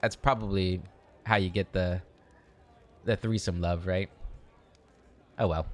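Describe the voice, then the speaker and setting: Man, low voice, casual let's play host, relaxed joking. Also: a little slow. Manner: relaxed, joking asides between reading game text. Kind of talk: casual gameplay commentary.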